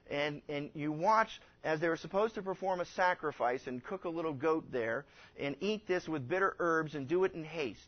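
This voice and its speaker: A man preaching a conversational sermon as a pastor, folksy and rambling, acting out the people he quotes. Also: a little high. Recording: dull lo-fi recording.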